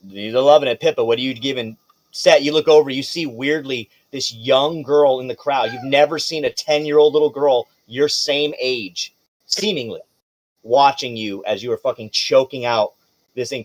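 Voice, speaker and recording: A man's voice: medium pitch, normal speed, no room sound. A man running a tabletop game as game master, narrating loosely with casual swearing.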